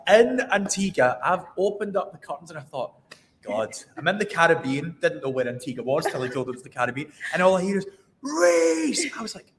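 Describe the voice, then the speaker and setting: A Scottish man hosting a casual chat show, expressive and quick to laugh. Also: on the high side. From Scotland. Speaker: podcast host. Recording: roomy reverb with faint noise.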